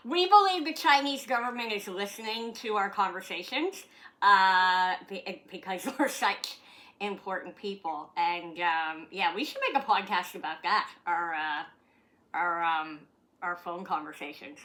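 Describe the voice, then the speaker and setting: A woman's voice: medium pitch, unhurried, sharp tone. A woman from Canada chatting casually in her vlog, talking to her dog and swearing freely. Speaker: vlogger. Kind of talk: casual chat.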